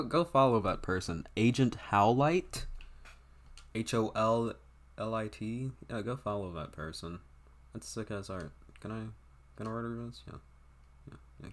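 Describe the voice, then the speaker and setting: A young man streaming a game, chatting to viewers in a rambling, offhand and profane way. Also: on the low side. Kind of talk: casual livestream chat.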